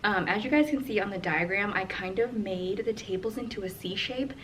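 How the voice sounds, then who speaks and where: A woman's voice: mid-range voice, a little fast, fairly bright tone, slight background noise. A young woman teacher in her twenties, out of breath, casually thinking aloud as she rearranges an empty classroom. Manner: thinks aloud while rearranging, chatty with fillers. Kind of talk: casual vlog narration.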